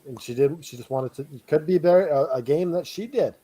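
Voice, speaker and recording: A man's voice: fairly high pitch, fairly quick, dark tone, breathy edge. A man from Canada co-hosting a podcast, chatting casually with many fillers and hesitations. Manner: laughing, hesitant, full of fillers. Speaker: podcast co-host. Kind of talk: casual chat.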